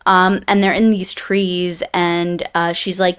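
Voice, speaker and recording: A woman's voice: on the low side, flat delivery, slow pace, gravelly, few pauses, clean tone. A woman co-hosting a book review podcast, summarizing the plot in casual chat, rambling with many restarts and fillers.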